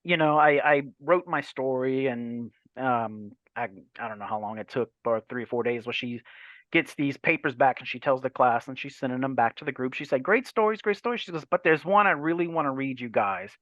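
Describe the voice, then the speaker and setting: A man's voice: mid-range voice, normal speed, no room sound, highs cut off. A man in his forties from Louisiana, a guest author telling stories in a casual podcast chat, acting out the voices in his anecdotes and swearing freely. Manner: animated anecdotal storytelling with voiced quotes and swearing.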